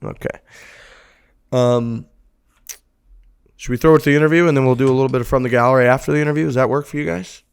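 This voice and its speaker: A man's voice: mid-range voice, fast, creaky, long pauses, clean tone. A man co-hosting a podcast, telling stories in loose, profane banter. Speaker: podcast co-host.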